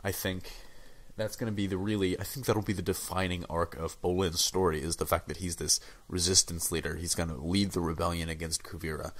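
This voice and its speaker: Deep-voiced and brisk with fairly even intonation, a young man who sounds under the weather gives a casual TV episode review. His delivery rambles, with many fillers and restarts.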